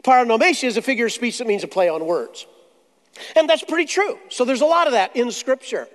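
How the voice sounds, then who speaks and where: A man delivers a sermon in a strikingly high voice, mixing jokes with slow, dramatic pauses. His words ring out with a long reverb from a big hall. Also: big pitch swings. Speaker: pastor.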